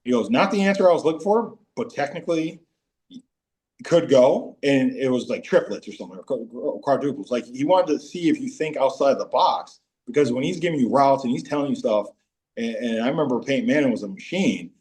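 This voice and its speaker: A man in his forties, a former pro football player, telling animated stories as a podcast guest and breaking into high-pitched voices when quoting teammates. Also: a little fast. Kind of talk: casual storytelling interview.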